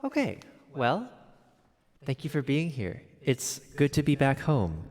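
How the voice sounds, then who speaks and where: A man's voice: medium pitch, sing-song, measured pace, a little mellow, long reverb tail. A young man from Connecticut chatting casually on a piano livestream from home, upbeat and chatty with gleeful exclamations. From Connecticut, USA. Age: young adult.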